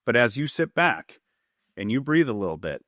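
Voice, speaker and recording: A former police officer turned public safety trainer talks through his points in a podcast interview, acting out quoted lines to show their tone. His Upper Midwest American accent carries a medium-pitched, bright, forceful voice with big swings in pitch at a moderate pace. The studio-quality recording has no echo.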